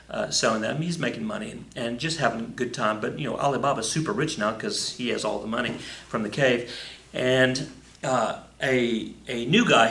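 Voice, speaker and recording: Male teacher, casual storyteller, bright tone, echoey room. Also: medium pitch. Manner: loose and playful, with fillers and asides. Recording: roomy echo.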